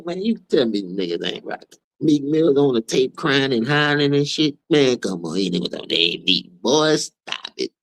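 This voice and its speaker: A man's voice: deep voice, no room sound, low-quality recording. A man from New Orleans with a New Orleans accent, hosting his own stream and ranting in heated, profane, preachy commentary. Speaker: streamer host.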